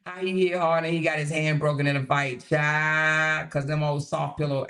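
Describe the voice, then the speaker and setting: A woman hosting a livestream, reading viewer comments in casual chat that is animated, laughing and gossipy. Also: low-pitched, normal speed, few pauses. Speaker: livestream host.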